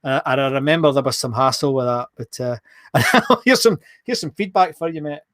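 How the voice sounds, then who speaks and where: A man's voice: mid-range voice, expressive, brisk, a bit bright, no echo, studio quality. A man co-hosting a live online show, chatting casually, reading out viewer comments and laughing often.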